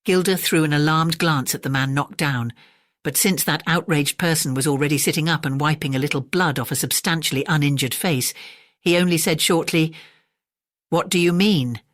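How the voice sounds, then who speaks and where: Calm, dry bedtime story narrator. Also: medium pitch, a little fast, dry recording. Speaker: audiobook narrator. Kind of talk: bedtime story audiobook reading.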